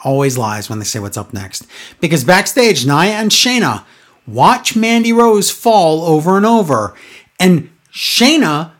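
Woman, podcast co-host, casual chat, wrestling recap, sarcastic, exasperated, very lively pitch. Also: measured pace.

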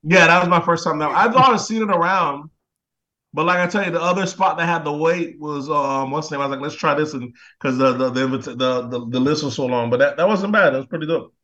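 A man's voice: on the high side, fast, bright, forceful tone, muffled recording. A man chatting casually as a podcast co-host, rambling, repeating words and arguing his point insistently. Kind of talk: casual chat.

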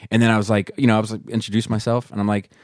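A man's voice: fairly low pitch, racing, no echo, clean studio sound. A man in his thirties co-hosting a casual chat, telling rambling stories and swearing freely. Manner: animated storyteller, swears freely. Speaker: podcast co-host.

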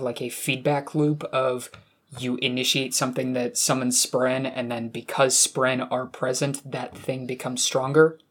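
Husky-voiced jokey podcast co-host. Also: mid-range voice. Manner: jokey, asks curious questions. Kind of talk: casual book discussion.

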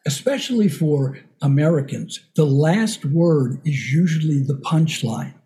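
An older man coaching voice in a relaxed podcast chat, his tone warm and mellow and pitched a touch high. He explains things patiently and acts out little examples as he goes. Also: measured pace. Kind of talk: casual podcast conversation.

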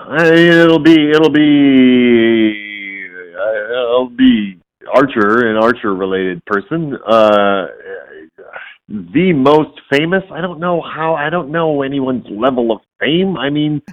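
Speaking slowly at a medium pitch, a male voice actor guest tells stories in a casual interview, though the audio sounds dull. He's an animated storyteller who performs the voices of anyone he quotes.

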